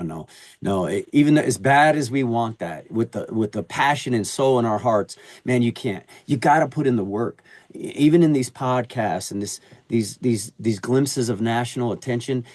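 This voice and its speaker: In a casual podcast chat, a middle-aged man who works as an HVAC sales advisor tells animated stories peppered with street slang. His voice is medium in pitch and moderate in pace, recorded close with no room sound or echo.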